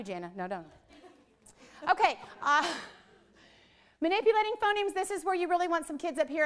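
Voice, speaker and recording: A woman leads a workshop for teachers. She talks playfully, jokes with the room and draws out single speech sounds. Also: high voice. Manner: playful, joking with the audience, drawing out sounds. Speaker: literacy trainer presenting to teachers. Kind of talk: live workshop presentation. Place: training room with a live audience.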